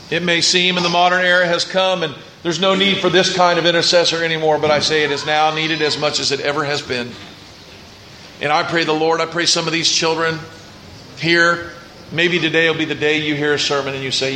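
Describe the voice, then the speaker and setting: A pastor delivers an earnest sermon, his voice bright and forceful and a little higher than most men's. The sound carries the echo of a church sanctuary. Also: little pitch movement, brisk, slight background noise. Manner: earnest preaching, rising and falling intensity. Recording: echoey church room.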